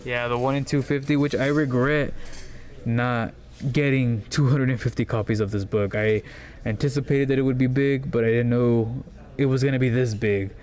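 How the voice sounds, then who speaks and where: A man runs through the week's new releases in a casual, rambling way, full of fillers and excited asides. His voice sits at an ordinary middle pitch. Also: moderate pace. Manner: rambling, enthusiastic, filler-heavy. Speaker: comic shop host. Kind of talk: casual product rundown. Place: comic book store.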